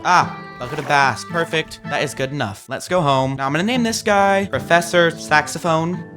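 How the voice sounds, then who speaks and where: A man giving casual, playful gameplay commentary, chatting along and breaking into sudden excited outbursts. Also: fairly high pitch, normal speed, music in the background. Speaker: gaming video creator.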